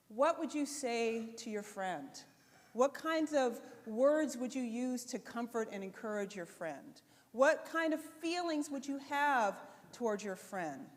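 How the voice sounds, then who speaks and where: A woman with a fairly high voice gives a motivational talk from a conference stage. Her delivery is animated and chatty, and she speaks directly to the crowd. The live recording carries a long reverb from the hall. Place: conference stage before an audience.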